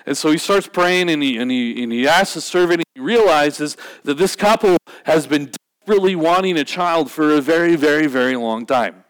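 A man's voice: on the high side, fairly quick. Conversational man preaching a sermon. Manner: conversational, repeats words and restarts, acts out quoted voices. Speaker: pastor.

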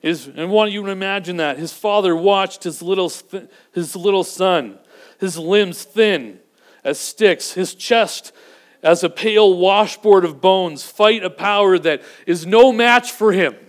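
A man preaching a sermon, earnest and building to emphatic peaks before dropping to a low, quiet delivery. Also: a little slow. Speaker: pastor.

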